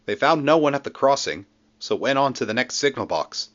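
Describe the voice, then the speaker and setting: Male storybook narrator, lively varied delivery, dull lo-fi mic. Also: mid-range voice, brisk. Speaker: storybook reader.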